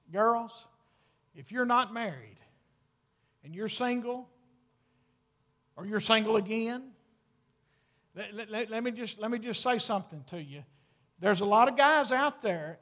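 A man's voice: high voice, fairly bright tone. A middle-aged man preaching a sermon as pastor, earnest and folksy, drawing out key words for emphasis. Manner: folksy, talks straight to the congregation.

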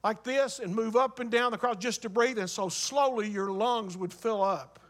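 A man's voice: high voice, normal speed. A man preaching a sermon, vivid and graphic, building intensity with repeated rhetorical questions.

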